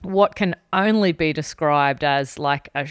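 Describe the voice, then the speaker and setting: Woman podcast co-host, lowish smooth voice, dry close sound, candid. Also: measured pace, dry recording. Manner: candid, laughs often. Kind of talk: casual chat.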